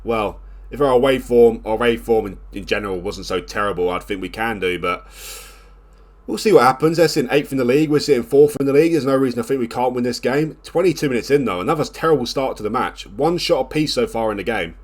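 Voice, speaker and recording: A man's voice: medium pitch, fast talker. Man commentating a football sim. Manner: exasperated groans, then rising excitement during the comeback. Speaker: gaming video host. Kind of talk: live commentary over a football management game.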